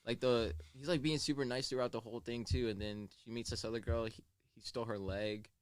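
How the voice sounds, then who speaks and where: A man's voice: mid-range voice, fairly even intonation, brisk, clean tone, no echo. A young man retelling a story in casual, profane chat full of fillers.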